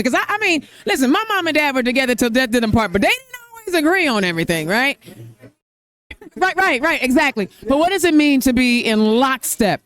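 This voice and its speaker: A middle-aged woman from Indiana with a smooth, fairly high voice hosts a podcast interview on location at a campaign event venue. She speaks emotionally and effusively.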